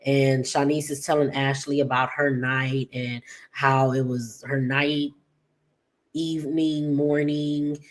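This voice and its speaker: A woman giving a casual, rambling recap of an episode, with many fillers and quick paraphrased quotes. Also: rumbling low, little pitch movement. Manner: chatty, rambling, full of "like" and "just like". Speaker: soap opera recap vlogger.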